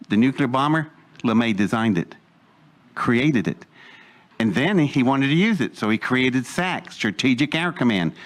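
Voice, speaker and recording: A man casually telling a long story to an audience, acting out other people's lines and laughing between bits. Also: medium pitch. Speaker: storyteller guest.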